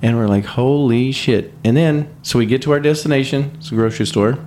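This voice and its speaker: A man from California hosts a podcast and tells a story in a loose, chatty way, swearing freely. His pitch jumps high when he quotes people. A faint hiss sits under the voice. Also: fast, darkish tone. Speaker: podcast host. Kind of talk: casual storytelling.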